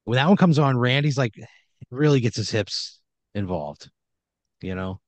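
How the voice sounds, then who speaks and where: A man's voice: mid-range voice, lively intonation, unhurried, no echo. A man improvising a comedic horror story in a loose, rambling way full of fillers.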